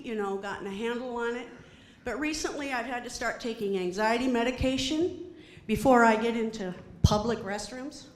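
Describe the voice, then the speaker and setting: Animated woman doing stand-up comedy. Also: high voice, roomy sound, slight background noise. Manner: animated, acts out quoted voices. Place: comedy stage before an audience.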